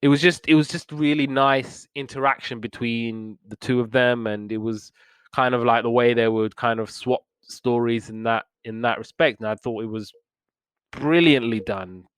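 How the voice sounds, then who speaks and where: Man, podcast host, smooth clean voice, dry close sound, earnest recapper. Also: mid-range voice, flat delivery, normal speed, no echo. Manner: earnest plot retelling, acting out characters' lines. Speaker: podcast host reviewing old cartoons. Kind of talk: casual chat.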